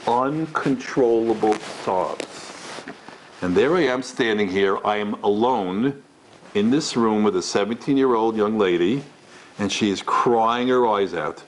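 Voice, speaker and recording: A middle-aged rabbi speaks unhurriedly, giving a storytelling lecture to a live audience in a large room. He is animated, acting out the people in his stories with big jumps in pitch. The audio is poor, with a slight hiss or hum.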